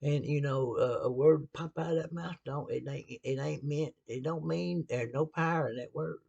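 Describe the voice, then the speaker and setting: A man's voice: on the high side, normal speed, creaky, a little mellow, lo-fi sound. A man with a Southern US accent giving a casual sermon-style talk, folksy and blunt, with laughing asides. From American South.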